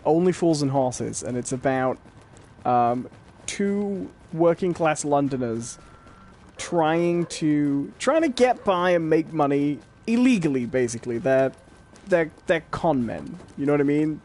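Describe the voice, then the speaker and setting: A man co-hosting a casual pop-culture podcast, telling stories in a relaxed way with fillers. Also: fairly high pitch, measured pace. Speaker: podcast co-host.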